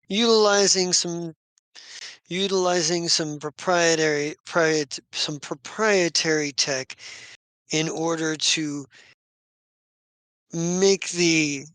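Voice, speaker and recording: A game master speaks as a formal, aristocratic count. His delivery is slow and measured in a clear, smooth voice, recorded dry. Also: on the high side, fairly bright tone, no room sound. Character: formal aristocratic male count, shipbuilding magnate.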